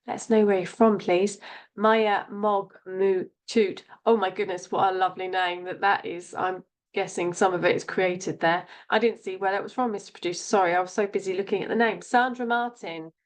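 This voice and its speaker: A woman's voice: medium pitch, steady tone, moderate pace. A woman hosting a live psychic show, talking in a friendly, chatty way. She greets each viewer by name and fills the gaps with little asides. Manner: warm, chatty, reads out viewer names with endearments.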